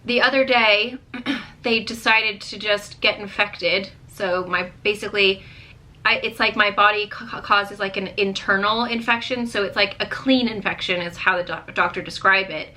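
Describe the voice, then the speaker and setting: Woman, 30s, vlogger; bright, chatty, venting delivery with fillers. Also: mid-range voice, steady tone, moderate pace. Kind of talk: candid casual chat to camera.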